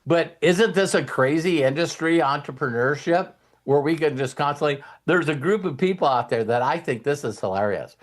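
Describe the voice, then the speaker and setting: Male host with a slightly high voice, rambling and animated casual motivational talk. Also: moderate pace, few pauses. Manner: rambling, animated, often acts out quoted people.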